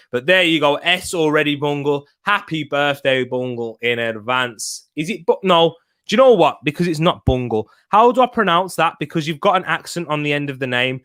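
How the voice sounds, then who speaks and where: A man hosting a football watch-along live stream, chatting casually, reading out viewers' messages and shouting excitedly when a goal goes in. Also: medium pitch. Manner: chatty, reads chat aloud, bursts into shouting at goals.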